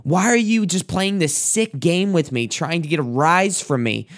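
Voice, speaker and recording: A man's voice: a little high, lively intonation, moderate pace, pitched above the performer's own voice. A man voicing an anguished man pleading with God, his voice raised in indignant questions.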